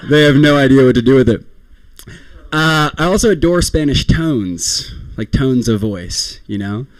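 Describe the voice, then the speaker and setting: A man's voice: medium pitch, animated, unhurried, dry recording. A young man performing a rambling, self-deprecating stand-up comedy set, often laughing at his own jokes.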